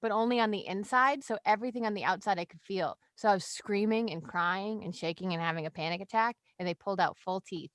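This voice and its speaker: A woman co-hosting a livestream, telling a story expressively with swearing and quick laughs. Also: mid-range voice, a bit bright, no room sound, studio quality. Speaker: podcast co-host. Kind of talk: casual livestream chat.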